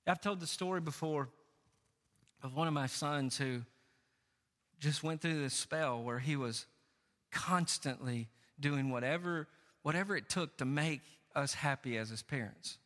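A middle-aged male pastor preaching a sermon, animated and shifting between raised emphatic lines and quieter, lower asides. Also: unhurried, long reverb tail.

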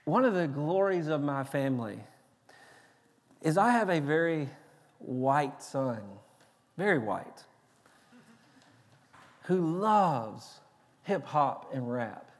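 A male pastor with a Tennessee Southern accent, preaching a sermon in a lively, joking, emphatic way with quick restarts. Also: fairly high pitch. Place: large church sanctuary. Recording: long reverb of a large church hall.

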